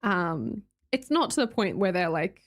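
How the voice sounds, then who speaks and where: A woman's voice: lowish voice, sing-song, a little slow. Chatty Australian woman streamer. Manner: chatty, laughs often, reads chat aloud. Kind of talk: casual chat with live chat readers.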